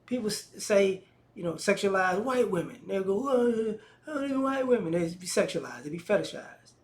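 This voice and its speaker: A man with giving a casual opinion monologue, animated and slangy, often acting out the voices of the people he talks about. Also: sits high, brisk, slight background noise. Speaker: commentator.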